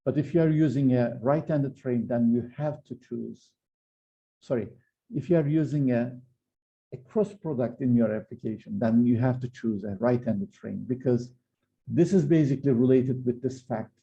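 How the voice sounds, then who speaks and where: A man lecturing on physics in a very dark, gravelly voice. He explains patiently, pausing often and restarting his sentences. The recording sounds a bit dull and lo-fi. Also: medium pitch. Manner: hesitant, many fillers and restarts while explaining. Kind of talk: university lecture.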